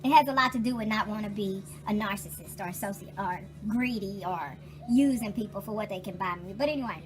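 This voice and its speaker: A woman chatting loudly in her home kitchen, emotional and swearing freely as she talks. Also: medium pitch, brisk. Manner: loud and emotional, talking over music, cursing freely. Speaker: vlogger. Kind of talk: casual chat. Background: music playing.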